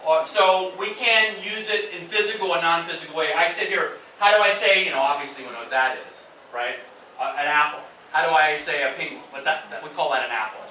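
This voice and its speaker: A man's voice: fairly high pitch, brisk, sharp tone, a little hiss or hum. A man teaching an English lesson in a classroom, explaining intonation and acting out exaggerated example phrases. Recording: echoey classroom from a distance.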